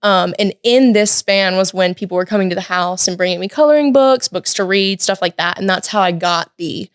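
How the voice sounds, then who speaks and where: Teen woman guest, lively casual storyteller, filler-heavy, dry studio sound. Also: medium pitch, brisk, smooth, no room sound. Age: late teens. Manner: lively, chatty, many "like" and "um" fillers. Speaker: podcast guest. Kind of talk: personal storytelling. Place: podcast studio.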